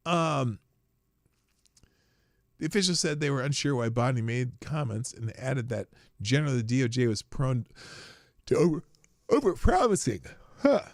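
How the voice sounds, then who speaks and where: A man's voice: mid-range voice, very animated, moderate pace, pauses often, dry recording, clean studio sound. A man hosting a casual livestream show, rambling, profane and flippant, tired and yawning as he talks.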